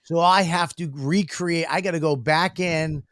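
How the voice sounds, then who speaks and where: A comedian co-host tells rambling, profane stories and laughs often. His voice sits fairly high for a man. The sound is dry and close, with no room around it. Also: fairly even intonation, unhurried, fairly bright tone, dry recording. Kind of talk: casual profane banter.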